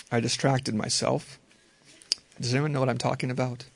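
Gravelly-voiced man teaching Scripture. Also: mid-range voice. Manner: relaxed, conversational, slow careful repetition. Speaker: Bible teacher. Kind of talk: informal Bible teaching to a group.

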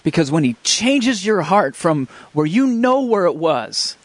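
In a high, sing-song voice, a man gives an emotional testimony about his faith. He speaks fervently and earnestly, stumbling and restarting many times as he tells the story.

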